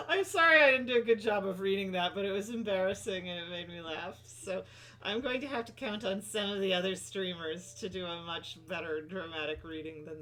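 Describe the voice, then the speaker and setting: A woman live-streams a story game, reading every character's lines aloud and breaking into laughter between them. Her voice swings widely in pitch and sounds bright and clear, while faint music plays behind her.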